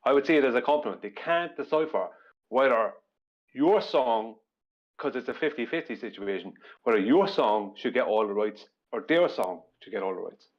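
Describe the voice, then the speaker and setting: A man on a panel chat laying out his point slowly and in a measured way, repeating himself as he goes. His voice sounds dull and muffled. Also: medium pitch, lively intonation.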